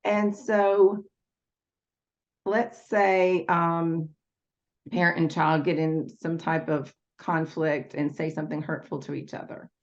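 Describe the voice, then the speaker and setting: A woman with a low, gravelly voice explains her work as a parenting educator in steady, teaching tones. Her guest answers have a patient, instructive manner. The sound is dull and lo-fi. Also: slow pace. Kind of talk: interview answers. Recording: dull lo-fi audio.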